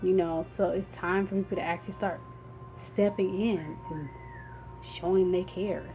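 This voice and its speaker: In this casual informative vlog, a woman spreading epilepsy awareness speaks from the heart, wandering a bit as she walks through the warning signs. Her voice is fairly low, mellow and steady, at a measured pace. Audio quality is poor, and soft music plays underneath.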